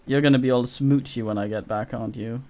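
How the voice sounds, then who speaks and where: A man's voice: mid-range voice, fairly even intonation, quick pace, darkish tone. Rambling, profane male game streamer. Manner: rambling, profane, with frequent restarts. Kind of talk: casual live-stream commentary.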